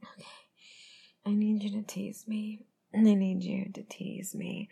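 A young adult woman in a whispered role-play, her voice husky and full of gravelly fry. She takes her time, drawing out each breathy word and murmur. Her tone is commanding. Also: mid-range voice, little pitch movement, measured pace, warm tone. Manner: chewing and sighing while speaking. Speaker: audio role-play performer.

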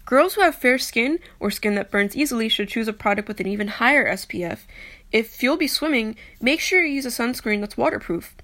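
A woman's voice: a little high, expressive, brisk, fairly bright tone. A young woman in casual vlog talk, chatty and self-deprecating, often stumbling as she reads aloud. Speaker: vlogger. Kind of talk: casual chat, reading aloud.

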